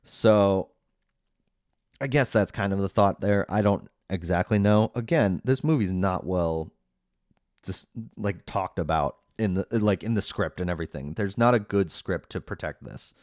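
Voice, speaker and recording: Man, podcast host, low voice, dry close sound, rambling casual recap, lots of fillers, sarcastic asides. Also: unhurried, darkish tone, no echo.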